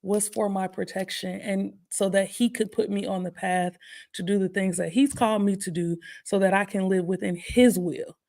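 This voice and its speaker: A woman, a guest co-host telling a candid, lively personal testimony with laughter on a morning talk stream. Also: medium pitch, normal speed, vocal fry. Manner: lively, laughing, acts out her own prayers.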